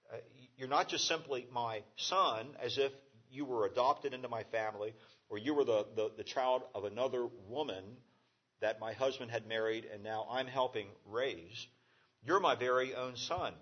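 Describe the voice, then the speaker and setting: Man, pastor, conversational sermon, halting with fillers, mid-pitched voice, dull lo-fi recording.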